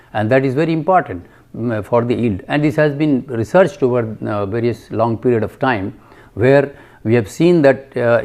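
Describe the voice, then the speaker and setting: A man giving a recorded lecture, halting with many fillers and asking and answering his own questions. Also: medium pitch, warm tone.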